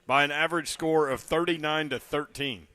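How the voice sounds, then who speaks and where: A man's voice: a little high, fairly even intonation, pushed and bright. A man co-hosting sports talk radio, casual and conversational, reading off game stats. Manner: reads off stats, quick and conversational. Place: radio studio.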